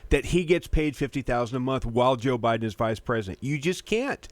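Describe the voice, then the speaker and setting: A man's voice: mid-range voice, lively intonation, fairly quick, dry recording. A man speaking as a guest on a political talk radio show, emphatic and conversational.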